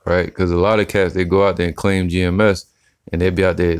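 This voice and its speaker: Man, very low voice, casual preachy commentary, slangy, dry recording. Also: fairly even intonation, a little mellow, smooth, no room sound. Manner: slangy, profane, preachy, says "man" often; slow deliberate scripture reading. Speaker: religious commentator. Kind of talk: casual religious commentary with scripture reading.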